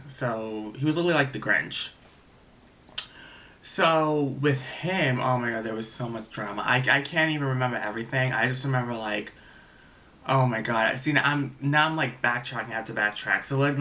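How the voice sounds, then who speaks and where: A young man with a bright, forceful voice tells a storytime vlog. He rambles, backtracks, fills every gap with "like," and swears casually. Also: mid-range voice, normal speed. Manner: rambling, lots of "like" and restarts, swears freely. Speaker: vlogger.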